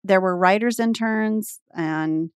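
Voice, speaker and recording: A woman's voice: mid-range voice, slow pace, smooth, no room sound, studio quality. A woman in her forties from Texas, guesting on a podcast and telling a story in casual chat, acting out the voices she quotes. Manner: animated, acts out quoted voices.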